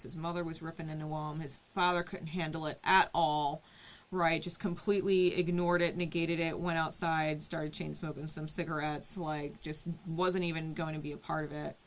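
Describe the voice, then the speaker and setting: A woman's voice: sits low, low-quality recording. A woman giving a casual spiritual reading, telling a story in a conversational way and often checking in with "right?". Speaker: tarot reader.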